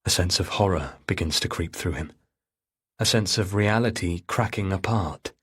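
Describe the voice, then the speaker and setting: A man narrating a mystery thriller audiobook in third person with a measured, grave delivery. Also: deep voice, fairly bright tone, husky.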